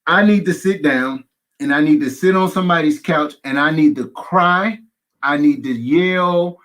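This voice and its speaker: A pastor speaking candidly as a guest, emphatic, with folksy humorous asides and runs of repeated phrases. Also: male voice, fairly high pitch, moderate pace, a bit bright. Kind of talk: candid conversational testimony.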